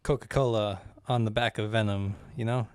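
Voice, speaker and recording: A man co-hosts a casual movie podcast in a laid-back, offhand way, with plenty of filler words. His voice is somewhat low. The recording is dry and close. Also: steady tone, moderate pace, clean tone, dry recording. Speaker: podcast co-host. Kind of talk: casual chat.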